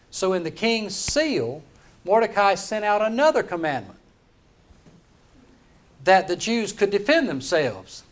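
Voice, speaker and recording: A man preaching a sermon, retelling a story in an animated, dramatic way. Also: sits high, unhurried, pauses often.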